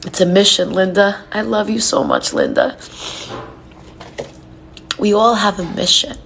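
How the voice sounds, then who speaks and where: A woman speaking earnestly and from the heart to her online followers during a live reading, sometimes slowing into soft, hushed phrases. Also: medium pitch, huge pitch swings, creaky, slight background noise. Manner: earnest and heartfelt, speaks softly and slowly at times. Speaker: spiritual reader and numerologist. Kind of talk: live-stream talk to followers.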